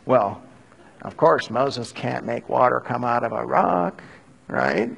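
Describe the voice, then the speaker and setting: A man's voice: mid-range voice, slow, vocal fry, breathy edge. An older man preaching a sermon to a live congregation in a conversational way, rising into urgent bursts. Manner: conversational, animated bursts when urging. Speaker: pastor. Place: church hall before a live audience.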